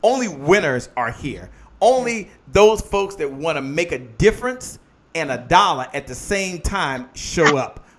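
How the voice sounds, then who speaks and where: A man with a somewhat high voice hosts a live business show. He preaches in call-and-response, asking the audience to finish his lines and greeting viewers by name. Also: very animated, unhurried, fairly bright tone. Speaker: host.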